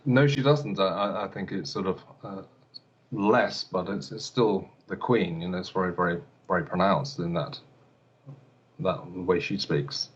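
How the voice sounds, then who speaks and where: Hesitant low-voiced man, muffled sound. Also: measured pace, husky. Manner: hesitant, many fillers and repeated words. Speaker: elocution teacher. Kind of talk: broadcast interview answers.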